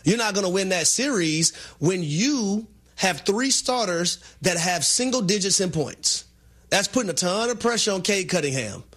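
A man co-hosting a sports talk show, explaining in a measured way why a team lost. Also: high voice, animated, a bit bright. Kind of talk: sports analysis chat.

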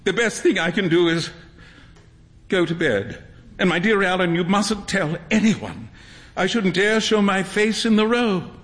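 A man voicing an earnest, hapless young gentleman who talks in a sulky, flustered way. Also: high voice, unhurried, pitched above the performer's own voice.

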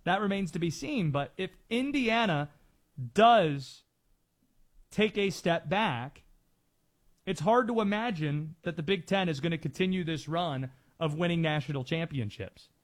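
A man's voice: fairly high pitch, lively intonation, measured pace. A man hosting sports talk radio from a studio, driving his points home with rhetorical questions.

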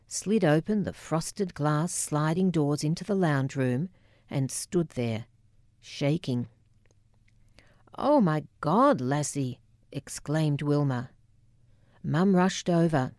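A woman narrates her memoir in a measured, wry way. Her voice sits low and mellow. It is recorded dry and close, with no room sound. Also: no echo.

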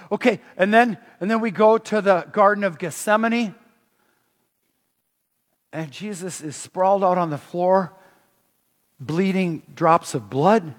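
Emphatic male preacher, high-pitched, sermon ringing through a large hall. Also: a little slow, long pauses. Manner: animated, emphatic, many restarts.

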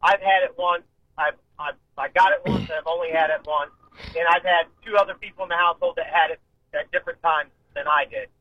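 A man's voice: on the high side, fairly even intonation, brisk, slightly rough, no echo. A man calling in to a radio show, chatty and telling a story, acting out what each person said. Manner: chatty, retells arguments with quoted dialogue. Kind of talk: casual call-in storytelling. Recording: muffled phone line into a radio show.

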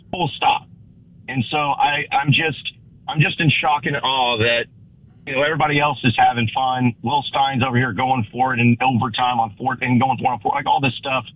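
A hoarse man, recovering from losing his voice, calling into a sports talk show as a guest analyst, bluntly exasperated and stumbling into restarts. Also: mid-range voice, dry recording. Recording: tinny phone line.

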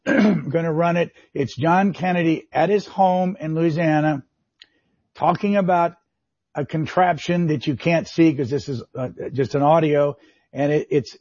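An older man over sixty hosting a radio interview, introducing clips and asking questions in a measured, conversational way. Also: on the high side, darkish tone, no echo. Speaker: radio show host. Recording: dry, slightly dull studio sound.

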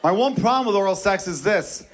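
On a comedy club stage, a man performs a brash, profane stand-up set, acting out bits and voices. His voice sits high and sounds animated and fairly quick, captured in a live recording with the audience laughing.

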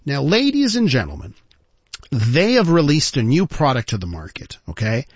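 A man hosting a talk radio show, telling a story in an animated way and calling listeners ladies and gentlemen. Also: medium pitch, moderate pace, husky, no room sound. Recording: dull lo-fi broadcast sound.

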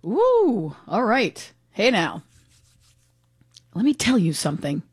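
A woman hosting a talk radio show, commenting in an animated, exclaiming way and taking calls. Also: mid-range voice, slow, slightly rough, dry recording, studio quality. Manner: animated, exclaiming, laughing between remarks.

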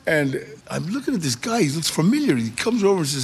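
A middle-aged guest storyteller with a higher, breathy voice talks fast as he relates a personal story. Casual and animated, he performs the voices of the people he quotes.

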